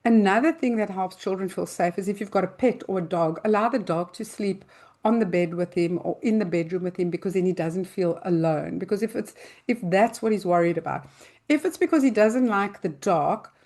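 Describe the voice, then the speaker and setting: Older woman explaining calmly. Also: medium pitch, brisk. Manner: calm, explaining with everyday examples; loosely spoken, with restarts and fillers. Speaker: parenting advice host. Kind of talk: answering listener questions.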